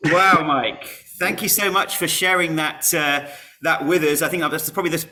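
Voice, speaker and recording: A male host of a live online session, thanking his guest in a relaxed, easygoing way. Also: a little high, moderate pace. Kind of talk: casual live online chat.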